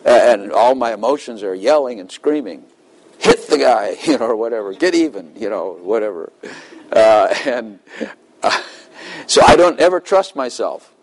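A man's voice: on the low side, lively intonation, normal speed, a little hiss or hum, rough recording. A middle-aged man giving a conversational sermon, laughing often and acting out little dialogues with God. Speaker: preacher.

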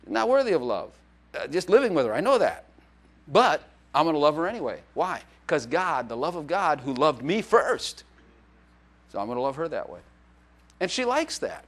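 Male pastor, higher-pitched voice, giving a casual joking sermon in church. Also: big pitch swings, moderate pace. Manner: joking, conversational preaching with playful acted quotes.

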